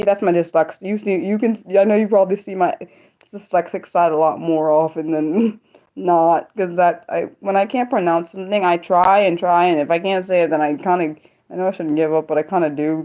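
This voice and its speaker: A young woman chatting casually on her own livestream, talking fast and rambling, breaking off and restarting her sentences. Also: fairly low pitch, fairly even intonation, mellow. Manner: fast, rambling, self-interrupting talk. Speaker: livestream host sharing poetry. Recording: dull lo-fi sound.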